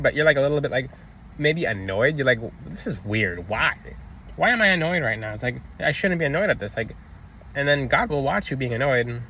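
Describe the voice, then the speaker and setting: A young man with a bright, forward voice talks through his ideas about faith in a loose, rambling vlog style. He circles back on himself, restarts phrases and leans on fillers as he goes. A faint hum of traffic sits behind him. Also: medium pitch, low-quality recording. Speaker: vlogger. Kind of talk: casual spiritual vlog talk.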